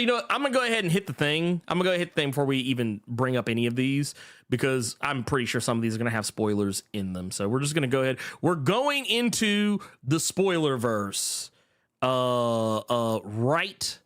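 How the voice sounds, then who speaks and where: A man's voice: medium pitch, fairly bright tone. A middle-aged man co-hosting a podcast in casual chat, laughing often and trailing off with fillers. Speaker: podcast co-host.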